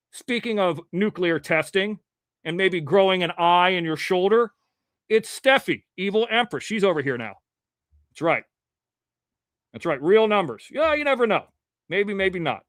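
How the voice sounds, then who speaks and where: High-voiced rambling male show host. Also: a bit bright, no echo, studio quality. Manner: rambling, joking, greets viewers. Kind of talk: casual live-stream chat.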